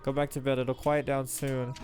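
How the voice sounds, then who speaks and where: A man voicing a village father calmly telling his son to go back to bed. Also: medium pitch, normal speed, faint music behind, close to an everyday voice. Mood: reassuring. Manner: calm, reassuring.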